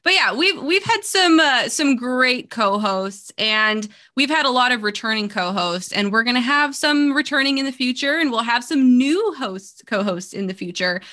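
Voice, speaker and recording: A woman co-hosting a podcast in casual chat, chatty and quick to laugh. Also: on the high side, lively intonation, bright, forceful tone. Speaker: podcast co-host.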